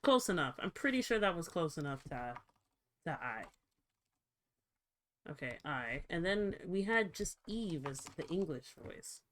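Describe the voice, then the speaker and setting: A woman streamer with a lively voice that swings high and low, talking casually to her chat at an unhurried pace. She swears freely and reacts out loud as she tinkers with her settings. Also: a little hiss or hum. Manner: expressive, swears freely, talks to chat while fiddling with settings. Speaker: livestreamer.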